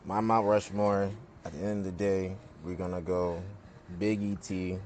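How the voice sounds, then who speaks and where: A man's voice: low voice, level tone, measured pace, a little mellow, slight background noise. A man chatting casually with friends, slangy and joking. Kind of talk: casual group chat.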